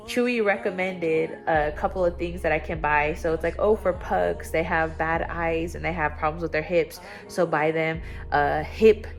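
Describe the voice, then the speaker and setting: A young woman talking at home in a casual confessional vlog, candid and rambling, her voice jumping up when she gets excited. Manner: candid and rambling, with sudden excited jumps in pitch. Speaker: vlogger. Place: at home, indoors.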